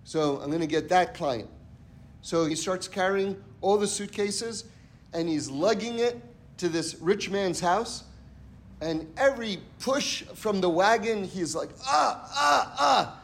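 A man's voice: high-pitched, unhurried, a little hiss or hum. A man teaching a Torah lesson through stories, often checking in with his listeners by asking "right?". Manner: acts out characters in a story. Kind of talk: storytelling lesson.

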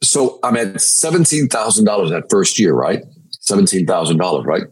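A man, a sales trainer guest on a podcast, telling an energetic story and checking in with "right?" again and again. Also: sits low, moderate pace, husky, rough recording. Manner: energetic, repeats "right?" to the listener. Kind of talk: animated storytelling.

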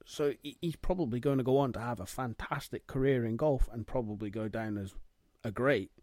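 A man co-hosting a casual podcast chat, giving his opinions in a measured, matter-of-fact way. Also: mid-range voice, darkish tone, no echo, clean studio sound. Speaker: podcast co-host.

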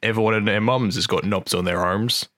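A podcast host with a lowish voice reads a news story aloud and riffs on it. He is wry and loose, swears freely and trips over the lines. The recording is close and dry, with no room sound. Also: fairly quick, a bit bright, no echo. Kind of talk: casual comic chat reading a news story aloud.

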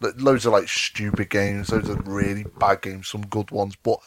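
A man's voice: lowish voice, level tone, moderate pace, background noise. A young man co-hosting a podcast, telling a story in a casual chat, swearing and laughing often. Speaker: podcast co-host.

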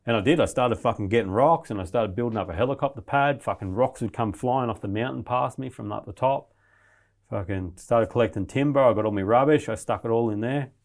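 A man's voice: medium pitch, brisk. A man telling a survival story in casual, rambling, heavily profane talk. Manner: profane, rambling, animated retelling.

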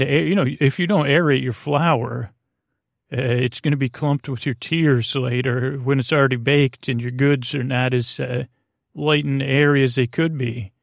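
A man's voice: mid-range voice, vocal fry, no room sound, clean studio sound. A man hosting a sleep podcast, rambling through a meandering bedtime monologue with goofy asides.

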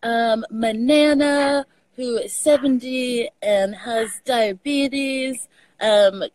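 A woman's voice: on the high side, extremely slow, darkish tone, no room sound, poor audio. A woman with a Texas accent, chatting casually on a video call and telling stories with the odd swear word. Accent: Texan. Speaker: guest. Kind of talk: casual chat over a live video call.

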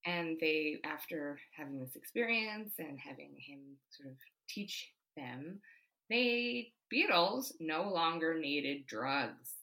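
Low-voiced, bright chatty woman. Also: animated, takes it slowly, poor audio. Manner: chatty, laughs often, many fillers. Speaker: podcast co-host. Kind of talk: casual chat.

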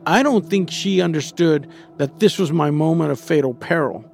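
A man's voice: a little high, moderate pace, vocal fry, a little mellow, faint music behind. A man as an interview guest, telling a personal story candidly and with profanity, acting out his own inner thoughts.

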